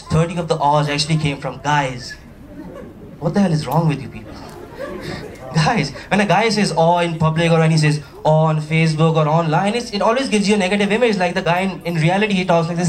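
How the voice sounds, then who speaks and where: High-voiced stand-up comic from Pakistan. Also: male voice, a little fast, far from the mic, crowd noise. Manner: chatty, animated, with playful asides to the audience. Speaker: stand-up comedian. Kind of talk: stand-up comedy routine. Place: comedy stage before a live audience.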